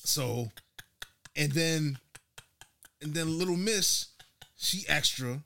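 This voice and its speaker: A man's voice: a little high, takes it slowly, gravelly. A man in his thirties, telling a story animatedly in casual chat as a podcast host. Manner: animated storytelling with laughs and slang.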